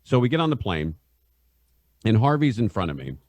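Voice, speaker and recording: Middle-aged guy, low voice, dry close mic, rambling storyteller who laughs through his tales. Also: sing-song, a little fast, a little mellow, no echo. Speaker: guest, radio host. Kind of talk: casual anecdote telling.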